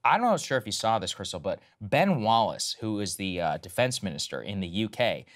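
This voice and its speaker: A man's voice: big pitch swings, a little fast. Emphatic sarcastic political co-host, man. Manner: emphatic, sarcastic, swings loud and high on points. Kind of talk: opinionated political commentary.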